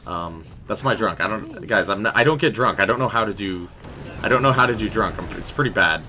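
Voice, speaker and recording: Deep-voiced man chatting through a game stream. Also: fairly quick, pushed and bright, slight background noise. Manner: chatty and rambling, talking to chat. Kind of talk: casual live gameplay commentary.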